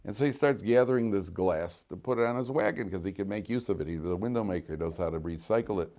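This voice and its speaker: A man's voice: low voice, fast talker. A man teaching a class as a rabbi, telling stories with jokes and many repeated words. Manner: animated, joking storyteller who repeats words. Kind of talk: lively classroom storytelling.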